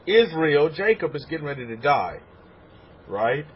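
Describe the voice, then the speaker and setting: A fairly high, husky male voice preaches with animated swings in pitch and loudness. The recording is dull and lo-fi. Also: measured pace. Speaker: rabbi. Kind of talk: sermon.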